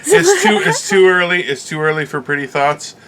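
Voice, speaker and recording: A man's voice: high voice, normal speed. A man co-hosting an unscripted chat show, ranting and joking with lots of swearing and playful quoted voices. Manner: profane, joking, animated rant; puts on silly voices when quoting people. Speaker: co-host.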